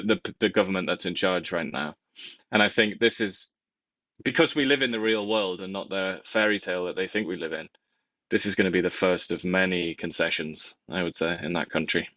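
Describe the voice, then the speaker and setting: A man's voice: sits low, pushed and bright, no echo, dull audio. A man co-hosting a talk show, giving wry, sardonic commentary in casual chat. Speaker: co-host.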